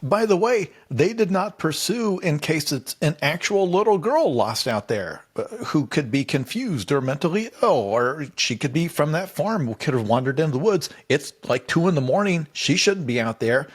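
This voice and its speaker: A man's voice: on the high side, very animated, normal speed, hardly any pauses, breathy edge. A man co-hosting a comedy podcast, rambling in a wry, casual way and acting out quotes from a show. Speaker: podcast co-host.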